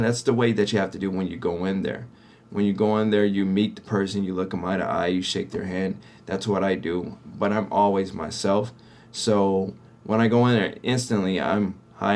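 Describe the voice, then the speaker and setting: A man's voice: low voice, darkish tone. A man who runs a cleaning company, talking conversationally to viewers about winning contracts and often checking in with "right?". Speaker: business owner teaching sales to cleaning-company owners. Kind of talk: casual instructional talk to viewers.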